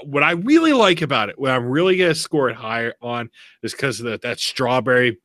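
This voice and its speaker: A man hosting a podcast in casual chat, telling stories with lively laughs. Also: mid-range voice, no echo. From Pennsylvania. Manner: animated storyteller, quick laughs. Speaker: podcast host.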